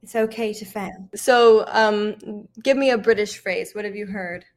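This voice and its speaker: Speaking at a measured pace with fairly even intonation and a mid-range voice, this woman with an American accent runs an accent coaching lesson. She laughs a lot, uses many fillers like "um," and keeps an encouraging tone.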